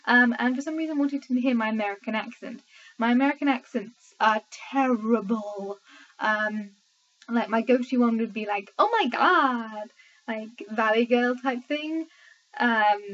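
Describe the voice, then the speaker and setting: Sleepy English woman on webcam. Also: a little high. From England. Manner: rambling, many filler ums. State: sleepy, tired late at night. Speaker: vlogger. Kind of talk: casual chat to camera. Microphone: laptop webcam mic. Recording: lo-fi webcam audio.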